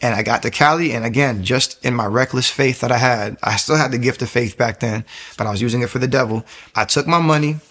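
A young man tells his own testimony in a loose, animated ramble. His pitch sits in the middle range, and he keeps restarting his sentences as he goes. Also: brisk. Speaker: testimony speaker. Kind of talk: personal testimony.

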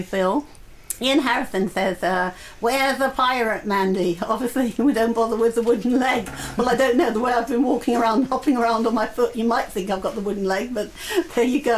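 A woman's voice: a little high, low-quality recording. A woman presenting a live radio show, chatting casually, laughing often and reading out listener messages.

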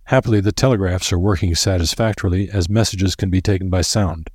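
A man voicing a quiet, unemotional statesman who speaks calmly and evenly. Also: low-pitched, slightly rough, no room sound, clean studio sound. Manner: quiet, measured, calm.

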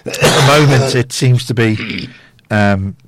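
A man's voice: fairly low pitch, takes it slowly, no room sound. A man co-hosting a local radio show, chatting casually and easygoing. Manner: easygoing, brief replies. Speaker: radio co-host.

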